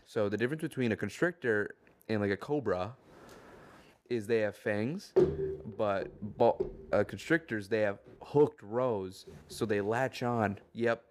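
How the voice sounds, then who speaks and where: A man's voice: fairly low pitch, measured pace, background noise. A young man in a casual podcast chat, rambling through an anecdote. He swears often and talks in an easygoing way. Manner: swearing, storytelling with acted quotes and laughs. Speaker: podcast co-host.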